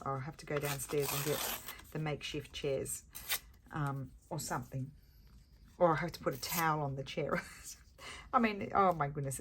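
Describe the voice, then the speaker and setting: A woman with a low, deep-set voice chats away while she glues and trims her pages at the craft table. She rambles easily from thought to thought, filling the gaps with ums and soft laughs. A faint hiss sits under her voice. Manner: rambling, chatty, with frequent fillers and chuckles. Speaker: crafting vlogger. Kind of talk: casual chat while crafting.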